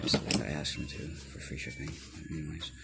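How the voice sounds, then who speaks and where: A man's voice: extremely low pitch, little pitch movement, brisk, creaky, loud music behind the voice, low-quality recording. A man chatting casually as a vlogger while unboxing a tool, rambling, correcting himself and swearing often. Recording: loud crinkling and tearing noise.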